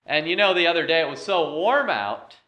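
A man's voice: on the high side, sing-song, fairly quick, pushed and bright. A man preaching a sermon as pastor, moving from a homey story into emphatic repeated scripture lines.

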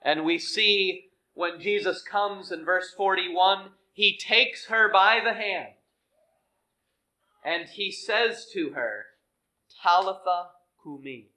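A man preaching a sermon, earnest and measured, dropping to soft, hushed phrases for emphasis. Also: high voice, rough recording. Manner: slow, earnest, with dramatic soft drops.

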